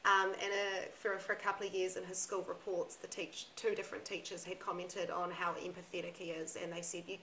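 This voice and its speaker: A woman's voice: on the low side, level tone, a little fast, few pauses, pushed and bright, slight background noise, rough recording. A young woman in a casual podcast chat, talking candidly and emphatically and swearing freely.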